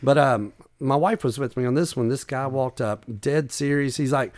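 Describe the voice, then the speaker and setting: A man's voice: mid-range voice, moderate pace, few pauses, no room sound. A man, a comedian and author, telling funny stories in a casual chat and acting out the people in them. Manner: animated storyteller, acts out quoted voices.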